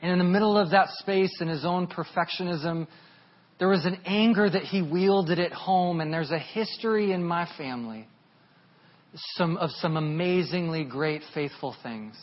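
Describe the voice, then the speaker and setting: Husky earnest male preacher. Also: normal speed. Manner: earnest, confessional, swells louder and higher at emotional peaks. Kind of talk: sermon storytelling. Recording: dull lo-fi sound.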